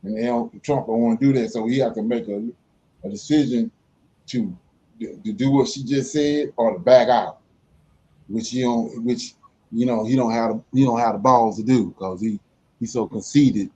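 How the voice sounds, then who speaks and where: A man's voice: mid-range voice, normal speed, dark tone, muffled recording, a little hiss or hum. A man making emphatic, informal points in a casual group discussion of Bible study. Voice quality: informal, emphatic, vernacular speech.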